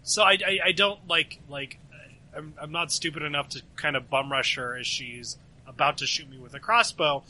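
A man's voice: fairly high pitch, normal speed, bright, forceful tone, low-quality recording. A man playing a tabletop game, explaining his moves in a rambling way with lots of "like". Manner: rambling, filler-heavy, many restarts. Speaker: player. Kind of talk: casual game talk.

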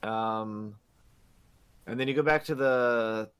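A man's voice: medium pitch, slow pace, fairly bright tone, smooth. A man co-hosting a podcast recaps a video game's story in loose, meandering fashion. He fills his sentences with "like" and "uh" and swears freely as he goes. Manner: rambling, profane, many fillers. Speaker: podcast co-host. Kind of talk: casual game recap.

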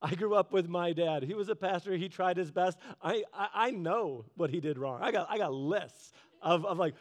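A man's voice: high-pitched, fairly quick, few pauses. A man preaching a casual, conversational sermon, telling stories in an earnest, chatty way. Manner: earnest, chatty storytelling with laughs.

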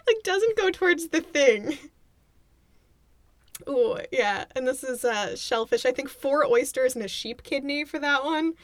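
High, lively, sarcastic woman. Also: unhurried, dry recording, studio quality. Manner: sarcastic, giggly, incredulous. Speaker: podcast co-host. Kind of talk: casual movie watchalong commentary.

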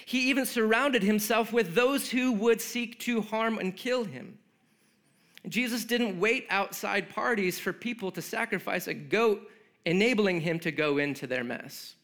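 A man with a notably high voice delivers a sermon to a congregation. He talks loosely and conversationally, slipping in joking asides and a lot of "like" fillers between his points. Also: unhurried, fairly bright tone. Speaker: pastor.

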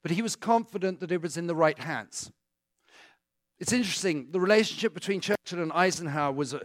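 A British man's high voice comes through in studio quality without echo. He's a guest speaker giving a joking, conversational talk at church, adding asides for the congregation and fielding their questions.

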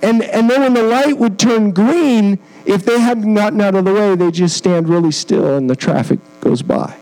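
A man's voice: high voice, normal speed, a little mellow, low-quality recording. A man, a missionary preaching as a guest in a church, telling a personal story with earnest feeling and self-deprecating humor. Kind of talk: storytelling sermon.

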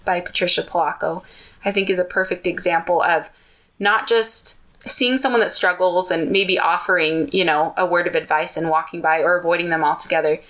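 A woman's voice: fairly low pitch, steady tone, a little fast, a bit bright, rough recording. A woman podcast host retelling a children's book in casual storytelling, adding personal asides.

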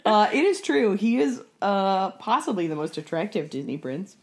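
A woman co-hosting a casual podcast, chatting in an animated way and saying "like" a lot. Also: medium pitch, normal speed. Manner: chatty, animated, says "like" often. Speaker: podcast co-host. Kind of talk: casual chat.

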